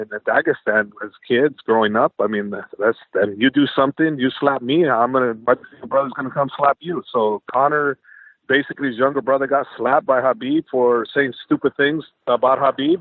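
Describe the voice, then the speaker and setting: An MMA coach with a medium-pitched voice tells stories during a phone interview, animatedly acting out quoted dialogue with plenty of energy. The audio comes over a tinny phone line and is dry, with no echo.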